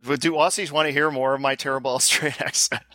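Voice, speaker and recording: Chatty podcast dude, bright forceful voice, dry close sound, laughs a lot. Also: male voice, mid-range voice, fast, no room sound. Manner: chatty, animated, laughs easily, rambles. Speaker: podcast co-host. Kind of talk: casual chat. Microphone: remote call.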